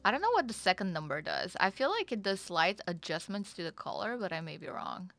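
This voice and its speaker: A woman streaming a game, chatting casually, excitable, swearing, and answering chat. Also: on the low side, brisk, creaky, faint music behind.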